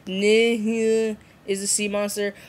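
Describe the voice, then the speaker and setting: A woman vlogging casually, rambling and giggly, with sudden high jumps when she mimics others. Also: little pitch movement, slow. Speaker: vlogger answering a viewer challenge. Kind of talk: casual rambling vlog chat.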